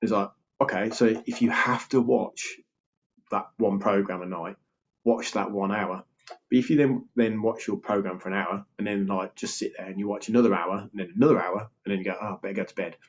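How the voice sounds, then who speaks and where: A man's voice: fairly low pitch, steady tone, normal speed, highs cut off, slight background noise. A man, a health coach talking casually and breezily to camera, full of fillers and acted-out quotes. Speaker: health and weight loss coach.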